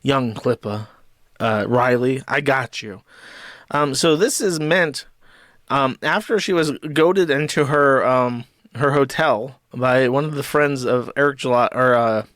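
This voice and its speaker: A young man doing live stream commentary, talking in a profane, rambling way with quick asides. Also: medium pitch, a bit bright, no room sound, clean studio sound.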